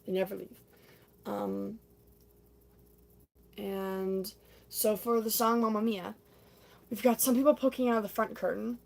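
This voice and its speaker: A woman's voice: mid-range voice, vocal fry, mellow. Chatty young woman retelling a stage show. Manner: chatty, acts out scenes and sings snippets. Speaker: livestreamer. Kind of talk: casual livestream chat.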